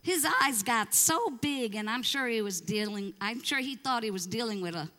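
A woman pastor telling a story from the pulpit in an animated way, acting out the voices of the people she quotes. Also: a little high, moderate pace, in a large hall. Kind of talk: storytelling sermon.

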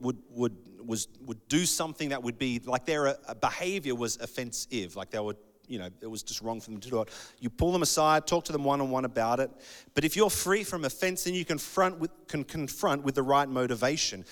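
A man preaching a sermon in a conversational, animated way, acting out bits of dialogue. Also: mid-range voice. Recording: long hall reverb.

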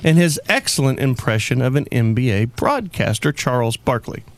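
A man's voice: medium pitch, moderate pace, no echo. A man hosting a morning talk radio show, teasing and laughing with his crew and taking calls. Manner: teasing, animated, laughs often. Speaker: radio host. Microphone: studio microphone.

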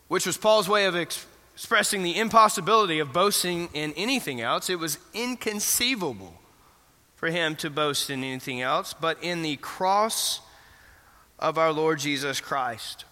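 A man's voice: high voice, pushed and bright. A man preaching an interactive sermon in a church, asking the congregation questions and affirming their answers. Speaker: pastor. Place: church sanctuary. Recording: reverberant church hall.

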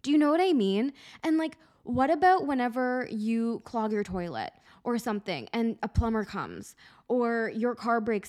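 A young woman talks through a casual solo podcast episode in an open, emotional way. She sounds close to tears, fills her sentences with "like," and swears freely as she goes. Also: medium pitch. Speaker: podcast host and life-purpose coach.

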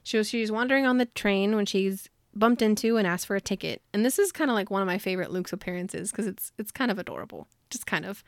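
A woman's voice: mid-range voice, fast talker, few pauses, no echo, clean studio sound. A woman casually retelling a novel's plot on a podcast, chatty and giggly, leaning on "like" a lot. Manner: chatty, giggly, heavy use of "like". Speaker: podcast co-host. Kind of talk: casual book discussion.

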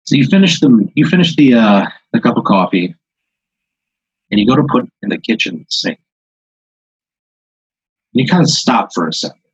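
A man improvising a second-person story to a guest, halting and full of filler words. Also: mid-range voice, animated, breathy edge, no room sound, highs cut off. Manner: rambling, halting, many "like"s.

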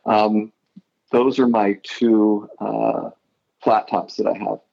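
A man's voice: fairly low pitch, little pitch movement, takes it slowly, creaky, mellow, muffled recording. A middle-aged man from Idaho, a guitarist guest, telling rambling stories in a casual interview and often correcting himself.

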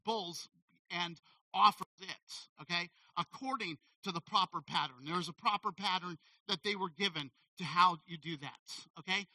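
A man preaching a sermon as a pastor, animated and conversational, often checking in with "okay?". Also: high-pitched, no echo, far from the mic, poor audio.

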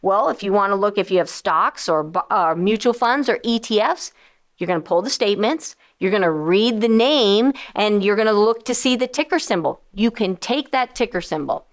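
A woman financial advisor and radio host explaining investments in a casual, animated way, often acting out quoted voices of investors and funds. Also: mid-range voice, normal speed. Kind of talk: casual explanatory talk to listeners.

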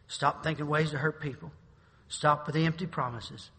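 A man's voice: fairly high pitch, moderate pace, few pauses, slight background noise. Man preaching in an echoing church. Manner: preaching with sudden shouted climaxes. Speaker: pastor. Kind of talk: sermon. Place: church sanctuary. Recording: reverberant church sanctuary.

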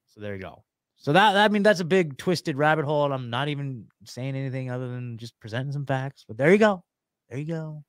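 A man's voice: medium pitch, animated, fairly quick, no room sound. A man appearing as a guest on a casual podcast, rambling and conspiratorial, with many fillers and restarts.

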